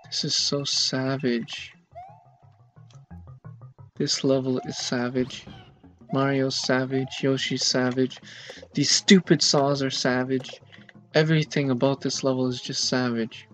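Slow-talking exasperated male gamer. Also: medium pitch, little pitch movement, fairly bright tone. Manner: exasperated, dramatic complaining. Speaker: gameplay commentator. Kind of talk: let's play commentary. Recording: dull lo-fi mic with faint game music.

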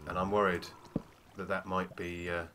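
A man's voice: low-pitched, completely flat delivery, moderate pace, over loud music. A man giving casual let's-play commentary, chatty and full of "oh dear" asides. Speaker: gamer.

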